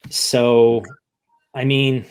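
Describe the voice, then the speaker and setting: A man's voice: mid-range voice, flat delivery, drawn-out words, darkish tone, smooth. A man from the United States, a podcast guest, speaking candidly and rambling with many restarts in an emotional interview.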